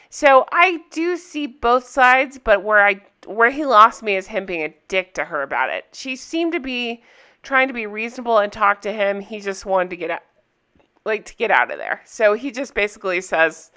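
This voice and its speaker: Speaking directly to her audience, a young female vlogger recaps a reality show in a relaxed, candid chat full of laughter. She's animated and talks at a normal speed, her a-little-high voice bright, forceful, smooth and crisp.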